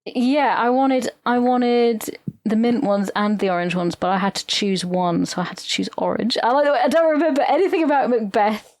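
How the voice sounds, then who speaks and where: A woman co-hosting a podcast rambles through anecdotes in casual chat, telling them animatedly with mock impressions. Her voice is on the high side at a moderate pace, in a dry, clean studio recording.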